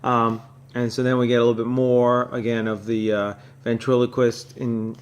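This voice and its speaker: Smooth and level, this mid-range male voice moves at normal speed over lo-fi sound. The North Carolina podcast host talks through an old comic issue in a rambling, filler-heavy, casual style, with chuckles tossed in along the way.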